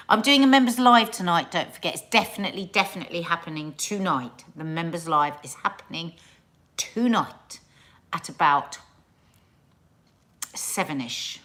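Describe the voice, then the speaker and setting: Chatty woman, middle-aged, stream host; loose, rambling talk with drawn-out singsong greetings. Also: fairly low pitch, lively intonation, fairly bright tone. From England. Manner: chatty, sing-song greetings to viewers. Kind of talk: casual live-stream chat.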